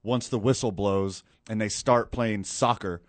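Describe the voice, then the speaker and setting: Excitable man recapping a match. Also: lowish voice, dry recording. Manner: animated, excitable storytelling with quick asides. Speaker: co-host. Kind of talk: casual sports chat.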